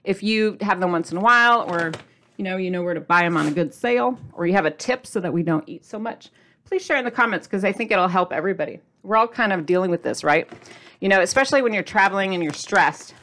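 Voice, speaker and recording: A middle-aged woman chatting to camera as a diet vlogger, animated, asking viewers questions and laughing often. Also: medium pitch, quick pace. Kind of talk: casual chat to camera.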